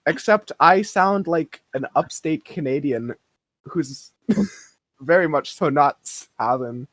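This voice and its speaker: A man's voice: fairly high pitch, slow, a bit bright, no room sound. A man co-hosting a podcast in casual chat, playful and rambling, laughing often. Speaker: podcast co-host.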